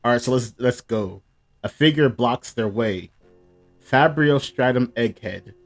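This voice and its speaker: A man's voice: mid-range voice, unhurried, faint music behind. Casual man reading manga aloud. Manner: reads panels aloud between casual comments. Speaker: manga reaction host. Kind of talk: casual live reaction.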